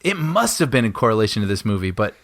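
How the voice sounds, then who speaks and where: A man co-hosting a podcast film commentary, talking in a lively, conversational way and laughing often. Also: fairly low pitch, fast, no room sound. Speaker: podcast co-host. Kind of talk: casual film commentary chat.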